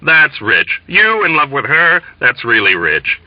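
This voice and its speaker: A man's voice: huge pitch swings, unhurried, no room sound, muffled recording. A man voicing a jovial, pompous young male navigator who laughs condescendingly. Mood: mocking. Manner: booming fake laugh, patronizing.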